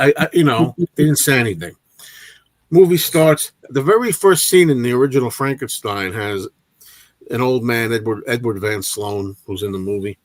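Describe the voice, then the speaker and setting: A man hosting a casual movie chat livestream, telling an animated anecdote with frequent restarts and repeated words. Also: medium pitch, no echo. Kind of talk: casual storytelling to a live chat.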